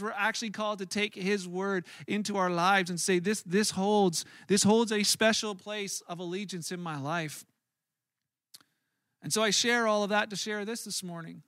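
Man, pastor, sermon, high voice, bright tone, dry close sound, earnest and conversational. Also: no room sound. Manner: earnest, conversational preaching with frequent restarts.

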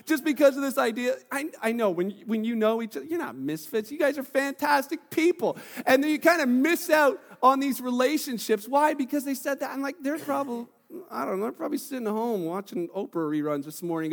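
A man preaching a sermon as pastor, telling stories in a lively way and acting out the voices of the people in them. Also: extremely high pitch, brisk, long reverb tail. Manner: animated storytelling, acting out quoted voices. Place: church hall.

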